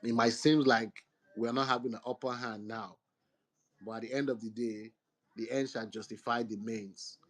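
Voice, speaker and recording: A man's voice: medium pitch, fairly even intonation, moderate pace, fairly bright tone. A man speaking in a casual online talk, earnest and rambling with hesitant fillers. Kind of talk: casual chat.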